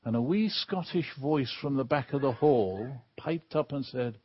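An Englishman preaching a sermon from the pulpit as a guest speaker, leaning hard and slowly on the key words. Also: medium pitch, expressive, husky, muffled recording. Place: church pulpit.

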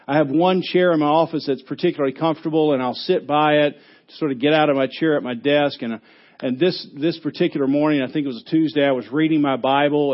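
A man preaching a sermon as pastor, who rises to a shout when he acts out a yelling coach. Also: fairly high pitch, muffled recording.

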